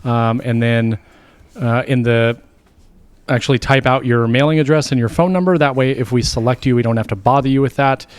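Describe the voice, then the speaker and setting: A man's voice: medium pitch, brisk, clear, resonant tone, no room sound. Upbeat man hosting a podcast. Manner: upbeat, reads listener comments aloud. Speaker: podcast co-host. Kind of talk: casual podcast chat.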